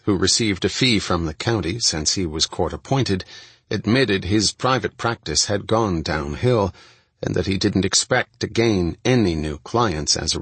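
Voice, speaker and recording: Casting: male audiobook narrator, low voice, slightly husky, dry studio sound. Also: a bit bright, no echo. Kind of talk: audiobook narration of a first-person true-crime book.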